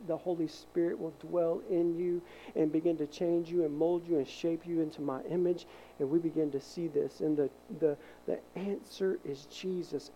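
A man preaching from the pulpit with a warm, mellow tone. His delivery is animated; he acts out voices in his stories and sometimes drops to a soft hush to stress a point. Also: fairly high pitch, slight background noise, poor audio. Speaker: pastor. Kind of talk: sermon.

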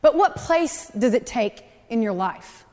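A woman delivers a sermon with an animated, conversational storytelling manner, talking straight to her listeners. Her voice sits high, and it rings with the long reverb of a large hall. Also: unhurried. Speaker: preacher.

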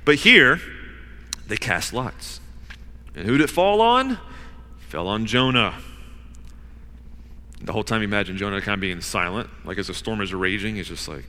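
Bright-voiced preacher in a reverberant hall. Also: male voice, very animated, normal speed, pauses often. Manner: acts out voices of the people in the story; swings between loud urging and hushed low asides. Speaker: pastor. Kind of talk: sermon.

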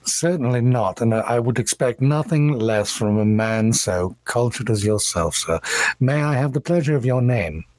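A man's voice: mid-range voice, animated, normal speed, a little mellow, no room sound, lightly acted. A man voicing a suave, cultured male elf attorney who speaks in polished, courtly phrases.

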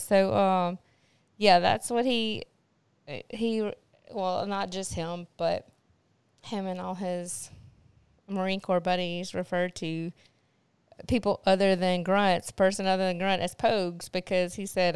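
A woman's voice: medium pitch, little pitch movement, a little slow, clean tone, no echo. A woman co-hosting a casual chat, telling stories with lots of fillers and laughter. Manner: chatty storyteller, frequent fillers and laughter. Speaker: podcast co-host.

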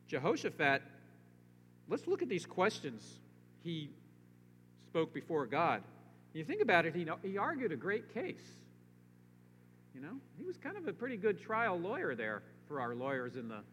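Male pastor with a fairly high voice, preaching emphatically in a long-echo church with faint hum. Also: fairly bright tone. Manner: emphatic, rising to pleading rhetorical questions. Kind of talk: sermon.

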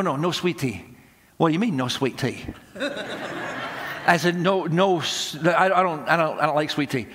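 Folksy man telling a story in a church. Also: fairly high pitch. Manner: folksy, animated storyteller acting out dialogue. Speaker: pastor. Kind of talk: sermon storytelling. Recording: long hall reverb.

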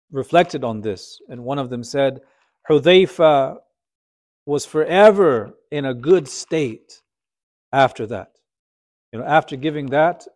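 A man's voice: mid-range voice, a little mellow. A man teaching Islamic history as a conversational storytelling lecture, often asking his listeners rhetorical questions.

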